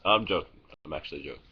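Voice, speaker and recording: Low-voiced young man rambling. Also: sharp tone, breathy edge, muffled recording. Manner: rambling, full of "like" and restarts, laughs at his own stories; swears casually. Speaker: vlogger. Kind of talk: casual vlog storytelling. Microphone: phone.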